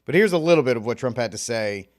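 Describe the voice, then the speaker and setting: A man hosting a talk radio show, commenting with animated, sarcastic asides. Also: medium pitch, fast talker.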